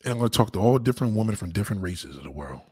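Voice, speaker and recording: A man hosts a casual streamed chat, rambling crudely in street slang at a racing, animated pace. His husky, dark-toned voice swings widely in pitch, and the sound is dry and close with no room echo.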